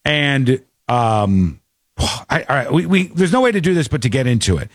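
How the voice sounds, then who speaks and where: A man's voice: mid-range voice, big pitch swings, normal speed, husky, no echo. Man, livestream host, reaction commentary, blunt, opinionated, dry voice. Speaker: streamer host.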